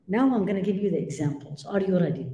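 A woman's voice: medium pitch, expressive, fast talker, warm tone. A woman giving a religious lecture to a live audience, emphatic, asking rhetorical questions and weaving in Arabic phrases. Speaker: Islamic lecturer. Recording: echoey lecture room.

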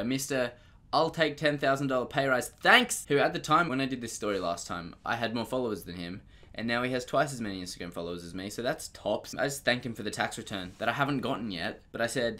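A young man narrating a casual comedic vlog, joking and self-mocking, with sudden loud, high outbursts. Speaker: vlogger.

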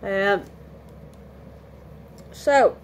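A woman's voice: medium pitch, extremely slow, slight background noise. A tired woman chatting candidly in a casual home vlog, rambling and restarting her sentences, yawning now and then. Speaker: vlogger. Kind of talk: casual lockdown vlog chat.

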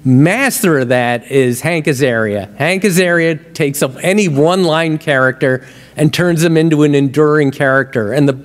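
A man's voice: on the high side, normal speed. A man, a comedy writer, telling behind-the-scenes stories to an audience in a wry, punchline-driven way. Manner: wry, punchline-driven, gets louder and livelier at the jokes. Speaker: TV comedy writer and guest speaker. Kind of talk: storytelling talk to an audience. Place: lecture hall with a live audience. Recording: long hall reverb.

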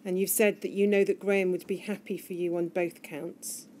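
Woman, inquiry counsel, measured and gentle questioning, mellow warm tone, faint background noise. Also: lowish voice, level tone. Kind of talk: formal questioning at a hearing. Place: hearing room.

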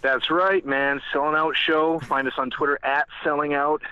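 A man's voice: fairly high pitch, level tone, moderate pace, sharp tone, dull audio. Joking guy with a New England accent. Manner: joking, swears freely, rambling. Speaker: podcast guest. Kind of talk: casual interview chat.

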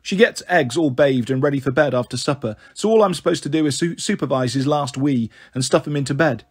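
A man's voice: medium pitch, brisk, slightly rough. A man reading a first-person novel aloud in a wry, sulky narrating manner. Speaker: audiobook reader.

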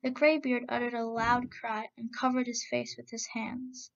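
A woman narrating a folk tale in a steady, expressive reading voice. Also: on the high side, normal speed, gravelly, dull audio. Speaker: storyteller. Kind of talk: storybook narration.

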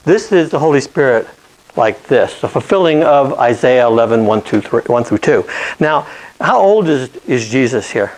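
A man's voice: mid-range voice, animated, moderate pace, a little mellow, rough recording. A man teaching an informal Bible lesson. He talks conversationally, often checks in with "okay?" and restarts or corrects himself mid-sentence.

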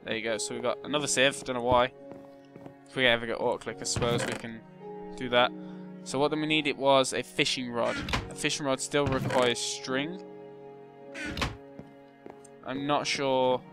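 A young man giving casual gameplay commentary, muttering to himself and breaking into loud, excitable shouts. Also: medium pitch, normal speed, pauses often, music in the background. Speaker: gaming channel host.

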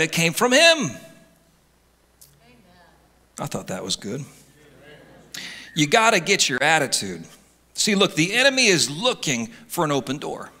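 A middle-aged man, a pastor preaching a lively sermon and acting out the complaints of his listeners. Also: a little high, unhurried, long pauses. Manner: animated preaching, voices imagined complaints. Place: church sanctuary. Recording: reverberant church sanctuary.

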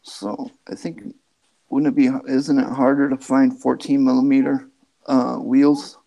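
Slow, gravelly-voiced man chatting. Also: mid-range voice, little pitch movement, warm tone, low-quality recording. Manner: slow, drawn-out, laughs readily. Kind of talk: casual live chat.

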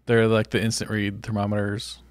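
A man's voice: fairly low pitch, monotone, a little fast, no room sound. Wry male co-host with dry sound. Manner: dry, wry short quips. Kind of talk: casual livestream chat.

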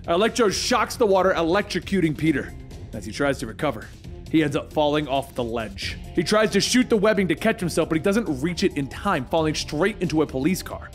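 Lively man narrating a comic story. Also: fairly high pitch, brisk, faint music behind. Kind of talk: comic book recap narration.

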